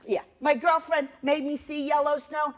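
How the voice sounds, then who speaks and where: A woman's voice: sits high, flat delivery, moderate pace. A middle-aged woman performing a sardonic, profane storytelling monologue on a theater stage. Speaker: solo performer.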